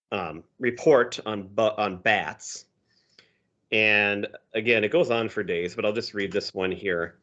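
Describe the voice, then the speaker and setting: A man's voice: on the low side, a bit bright, muffled recording. A man co-hosting a podcast, a teacher, casually reading comic strips aloud and chuckling as he explains them. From Minnesota. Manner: easygoing, chuckling storyteller.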